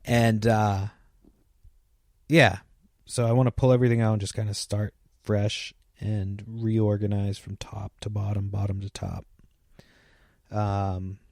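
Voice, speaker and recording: A man's voice: lowish voice, warm tone, no echo, clean studio sound. A man in his thirties hosting a podcast, chatting loosely with lots of fillers and casual swearing. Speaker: podcast host. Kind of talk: rambling casual monologue.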